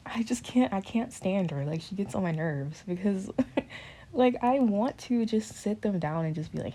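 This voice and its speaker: A young woman student vlogger talks in a casual confessional chat, rambling and nervous, full of fillers, slang and swearing. Her mid-range voice is mellow and moves at a normal speed.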